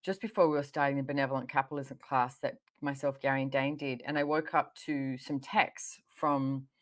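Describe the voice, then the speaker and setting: A woman hosting a podcast interview, telling personal stories in an animated, conversational way. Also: very deep voice, a little fast. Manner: animated storytelling, frequent laughter. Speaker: podcast host.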